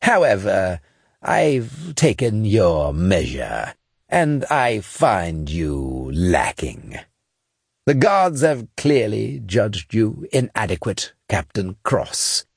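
A man's voice: fairly low pitch, sing-song, slow pace, vocal fry, breathy edge, no echo, clean studio sound, heavily acted. A man voicing a haughty alien emperor. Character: towering proud male alien emperor, cold menace.

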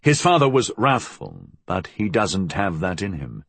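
A man voicing an aging, controlled gentleman who speaks softly with quiet intensity. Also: deep voice, huge pitch swings, vocal fry, breathy edge, dry recording, exaggerated voice. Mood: quietly intense. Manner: soft, intense, measured.

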